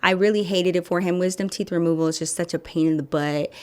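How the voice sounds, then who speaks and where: A woman vlogger telling a story in a casual, sassy, animated way, acting out the dialogue. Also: fairly low pitch, fast talker, smooth.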